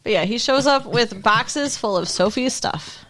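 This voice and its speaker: A woman's voice: a little high, expressive, unhurried, fairly bright tone. A woman co-hosting a podcast, recapping a TV episode in chatty, sarcastic casual talk with lots of "like". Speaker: podcast co-host.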